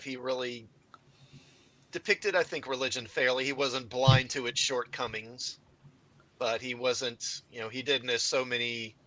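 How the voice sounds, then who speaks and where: A man on a casual livestream panel, speaking in a measured, thoughtful way. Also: medium pitch, bright, forceful tone, poor audio.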